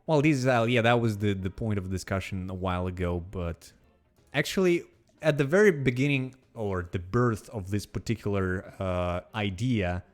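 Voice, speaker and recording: Russian guy chatting in english on a podcast, lowish voice, kinda rambly and halting, faint music behind. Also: animated. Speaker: podcast co-host. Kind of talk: casual chat.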